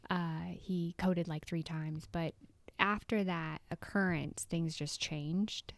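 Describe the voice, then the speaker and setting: A woman energy healer, a podcast guest, telling a personal story in an animated way and tagging lines with "right?". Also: on the low side, takes it slowly, creaky, no room sound. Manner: animated, acts out quotes, frequent "right?".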